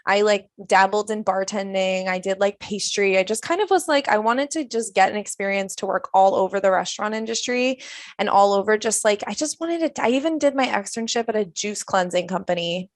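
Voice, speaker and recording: A woman's voice: medium pitch, a little fast, no room sound, clean studio sound. A woman in her twenties, a chef, telling stories casually as a podcast guest, with lots of "like". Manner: chatty storytelling, heavy use of "like". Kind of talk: casual interview chat.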